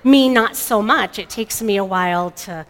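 Halting woman telling a testimony. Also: mid-range voice. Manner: emotional, halting, with many restarts. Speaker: grieving mother giving a testimony. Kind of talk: personal testimony. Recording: long hall reverb.

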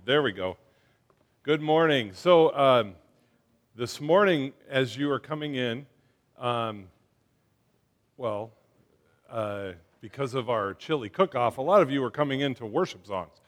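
A man giving a casual sermon to his congregation, talking conversationally with lots of fillers and getting them to shout back. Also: medium pitch, expressive, a little slow, pauses often. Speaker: church speaker.

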